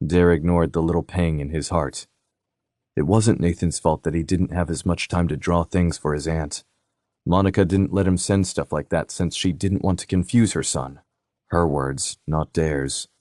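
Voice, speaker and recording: Deep dark male narrator reading a novel, steady, dry close sound. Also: normal speed, dry recording. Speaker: audiobook narrator. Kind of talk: scripted narration.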